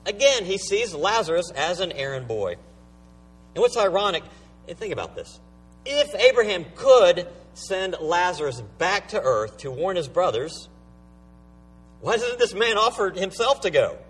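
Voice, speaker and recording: Male pastor, sermon, emphatic, rhetorical questions, very lively pitch, slightly high voice. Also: unhurried, husky, distant mic, low-quality recording.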